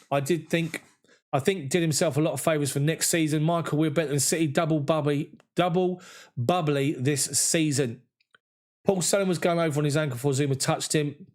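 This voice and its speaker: A man with a slightly high voice hosts a football fan live stream. He reads viewer comments aloud one after another, with short thanks between them. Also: darkish tone. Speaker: football fan channel host. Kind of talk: live stream chat reading after a match.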